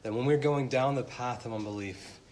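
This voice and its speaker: A man in his thirties preaching a sermon as pastor, animated, speeding up and slowing down and rising to loud emphatic peaks. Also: mid-range voice. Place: church.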